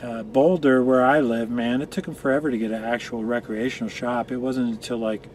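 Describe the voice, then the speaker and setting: A man's voice: mid-range voice, steady tone, fairly quick, slight background noise. Rambling, profane man from Colorado. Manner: rambling, profane, tangential storytelling. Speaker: guest. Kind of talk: casual chat. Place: room where marijuana is being smoked.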